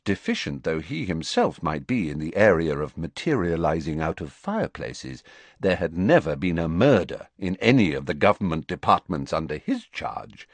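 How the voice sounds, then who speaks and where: A man reading an audiobook as narrator, wry and measured. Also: sits low, sing-song, no echo. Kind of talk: scripted narration.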